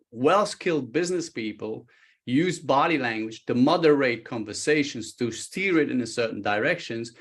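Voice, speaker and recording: A man, a guest expert on a talk show, explaining body language with lively stories, acting out quoted speech and often restarting his sentences. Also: medium pitch, breathy edge. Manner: animated, acts out quoted speech, frequent restarts.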